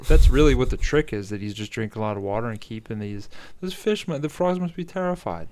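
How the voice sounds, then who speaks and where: A man's voice: mid-range voice, animated, quick pace, few pauses, a little mellow, smooth. A man co-hosting a podcast, rambling through crude comic stories and laughing often. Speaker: podcast co-host. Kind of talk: casual comedic chat.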